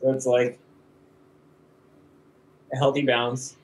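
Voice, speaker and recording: A man's voice: medium pitch, little pitch movement, slow, low-quality recording. A man chatting casually about making videos, rambling with frequent restarts and laughs. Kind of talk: casual conversation.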